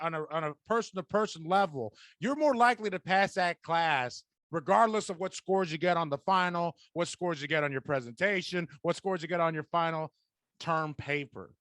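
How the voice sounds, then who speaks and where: A young man hosting a podcast in casual chat, animated and laughing often, telling stories with quoted voices. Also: fairly high pitch, moderate pace, dry recording. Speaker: podcast host.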